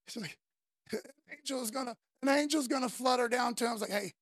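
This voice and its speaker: A woman's voice: high voice, fast talker, dry recording. A woman preacher delivering a fervent, conversational sermon full of casual slang.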